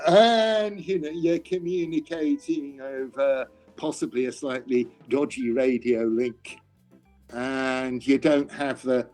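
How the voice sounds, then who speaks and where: Older man, scholar, halting restarts, wry self-mocking wit, faint music behind. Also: medium pitch, a little mellow. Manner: hesitant, stammering restarts, dry self-mocking humor. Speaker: classics scholar. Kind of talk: conversational interview.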